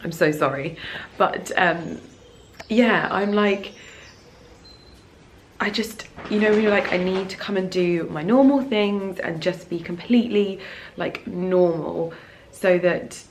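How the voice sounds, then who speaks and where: A lifestyle vlogger in her thirties from England chats gushingly to the camera outdoors in her home garden, restarting sentences and trailing off. Her voice sits on the low side and she takes it slowly, with slight background noise present.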